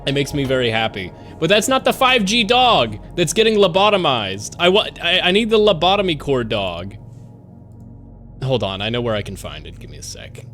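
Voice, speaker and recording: Rambling, excitable male streamer. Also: fairly high pitch. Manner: rambling, excitable, swears freely. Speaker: live streamer. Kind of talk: casual live-stream chat.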